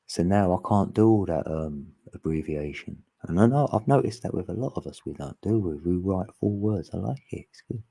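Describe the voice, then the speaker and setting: Husky man chatting casually. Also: low-pitched, lively intonation, normal speed, few pauses, dark tone. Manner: rambling and chatty, laughs often. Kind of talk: casual chat.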